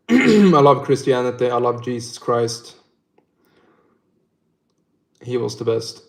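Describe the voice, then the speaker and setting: A man's voice: mid-range voice, big pitch swings, takes it slowly, vocal fry. A young man from northern Sweden with a Swedish accent, chatting casually on a livestream, swearing a lot and laughing often. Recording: roomy echo.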